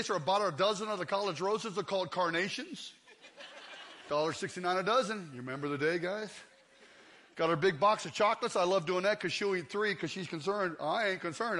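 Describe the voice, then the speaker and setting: A pastor in his fifties preaches a sermon in church, his high voice pushed and bright. He tells comic stories and acts out scenes.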